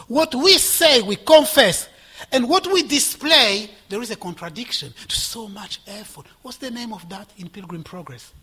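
A man preaching a sermon with passion, swinging from loud exhortation to hushed whispers. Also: very high voice, lively intonation, moderate pace, slightly rough.

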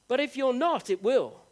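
A male preacher with a strikingly high voice delivers a sermon. He speaks earnestly and straight to his listeners. He leans on key phrases, drawing them out and lifting his pitch for emphasis. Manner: earnest, direct address to the congregation; rises with emphatic, drawn-out phrases.

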